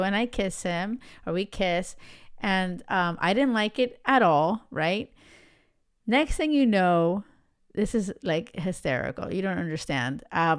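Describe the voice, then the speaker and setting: A woman hosts a podcast, telling her own stories in a loose, chatty way and checking in with her listeners as she goes. Her voice is smooth and clear, sitting at a middling pitch. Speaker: podcast host. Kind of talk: casual storytelling monologue.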